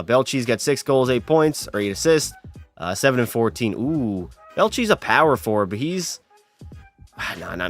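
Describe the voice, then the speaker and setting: A young man live-streaming a hockey video game, chatting and teasing his viewers as he plays. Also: medium pitch. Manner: chatty, teasing, banters with chat.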